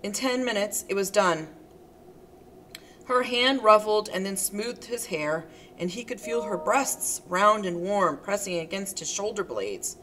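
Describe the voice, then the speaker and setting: A woman's voice: mid-range voice, animated, unhurried, a bit bright, a little hiss or hum. Woman narrating an audiobook. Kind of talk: scripted narration.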